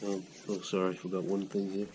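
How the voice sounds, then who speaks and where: A middle-aged man with a very low voice explains a motorcycle repair step by step while he works. He is breathing hard the whole time, and his speech stays plain and practical. The home garage recording has a lot of noise behind him. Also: monotone, fast talker. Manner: plain-spoken, talks while working with his hands. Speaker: home mechanic. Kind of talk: casual how-to demonstration.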